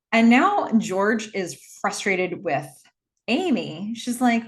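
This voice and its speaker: A woman talking through a film recap in a loose, rambling way, with wry asides. Her voice sits at an ordinary middle pitch. She often restarts her sentences and fills pauses with "um" and "like". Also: sing-song. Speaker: movie recap host. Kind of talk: casual movie recap.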